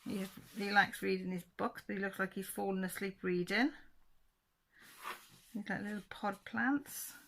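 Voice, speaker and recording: Chatty woman, bright gravelly voice. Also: medium pitch, fairly even intonation, measured pace, slight background noise. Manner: chatty, chuckling, talks to viewers. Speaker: channel host. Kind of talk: casual book flip-through commentary.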